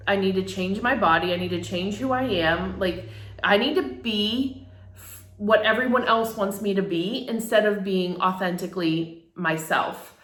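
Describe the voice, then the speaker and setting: A woman's voice: mid-range voice, a bit bright. A middle-aged woman, a photographer, telling a personal story in a candid, emotional way, laughing now and then and using many fillers. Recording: echoey room.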